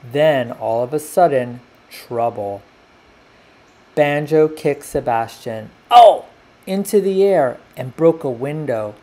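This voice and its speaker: A man reads a children's picture book aloud at a slow, unhurried pace. His pitch sits in an ordinary middle range, and he brightens into character voices when the animals and objects speak. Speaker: storyteller.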